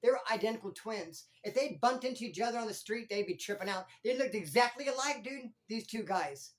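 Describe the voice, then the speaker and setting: A former prisoner hosting his own channel, telling stories in animated street slang. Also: high voice, a little fast. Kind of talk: casual storytelling vlog.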